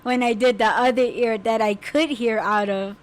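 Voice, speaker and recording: High-pitched woman on a podcast, super animated, laughing, yelling out the funny bits. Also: normal speed, a little hiss or hum. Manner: animated, laughing, acts out screaming quotes. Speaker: podcast host. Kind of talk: casual storytelling chat.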